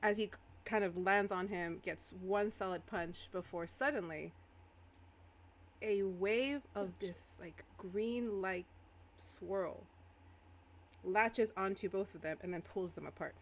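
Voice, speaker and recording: A woman game master narrating a live-streamed tabletop role-playing game, animated and exclaiming often. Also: medium pitch, takes it slowly, a little hiss or hum.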